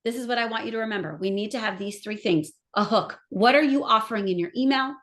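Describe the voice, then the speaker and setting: A middle-aged woman leads a live marketing seminar with plenty of enthusiasm, talking straight to the people in front of her. Her voice sits a little high. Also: fast. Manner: enthusiastic, animated, addresses audience directly. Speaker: marketing trainer.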